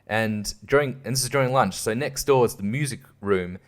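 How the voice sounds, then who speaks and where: A man's voice: medium pitch, normal speed. A young man hosting a casual monologue, rambling and swearing, often laughing at himself. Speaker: host.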